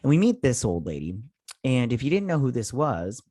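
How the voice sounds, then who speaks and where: A man's voice: medium pitch, big pitch swings, moderate pace, warm tone, dry recording, clean studio sound. A man hosting a casual TV episode recap and review, rambling with lots of fillers and sounding exasperated. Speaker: TV review host.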